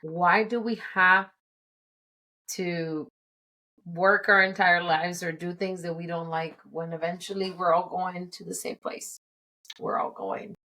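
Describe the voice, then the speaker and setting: A candid, chatty woman in her forties hosts a solo podcast with a non-native English accent. Her voice sits a little low for a woman, and she breaks into easy laughs between thoughts. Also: sharp tone. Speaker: podcast host. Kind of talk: casual solo podcast monologue.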